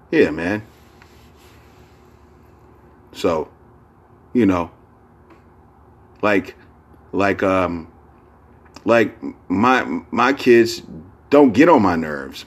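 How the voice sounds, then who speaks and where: A man hosting a casual solo podcast, talking in a rambling, profane way full of fillers and restarts. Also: deep voice. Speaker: podcast host.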